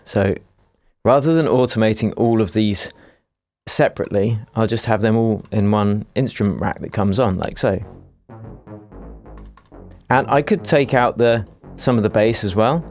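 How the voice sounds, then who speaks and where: A man teaching music production in a screen-recorded tutorial, explaining each step in a relaxed, jokey way. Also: fairly low pitch, a little slow, long pauses. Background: faint dance music playing from his project.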